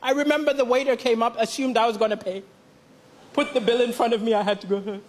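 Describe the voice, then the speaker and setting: A man from Malawi doing a stand-up comedy set, telling deadpan stories with punchlines on a big theatre stage. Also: very high-pitched, fast, slight background noise. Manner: deadpan storytelling, punchlines to a laughing crowd. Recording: loud live crowd and applause in a big theatre.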